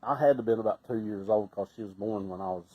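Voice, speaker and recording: A middle-aged man with a Southern Appalachian accent, telling casual stories in a folksy way, laughing often and sometimes breaking into loud shouts. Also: fairly low pitch, fast talker, highs cut off. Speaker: storyteller. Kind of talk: casual storytelling.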